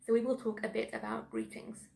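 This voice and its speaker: A woman teaching a lesson in a clear, measured way. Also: fairly high pitch, big pitch swings, warm tone, low-quality recording. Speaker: English teacher. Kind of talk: online language lesson.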